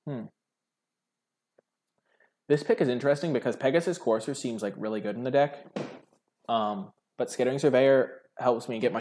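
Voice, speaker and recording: Young male game host, lowish voice, casual think-aloud draft commentary with lots of fillers. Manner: musing, hesitant, many "like" fillers. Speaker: card game video host.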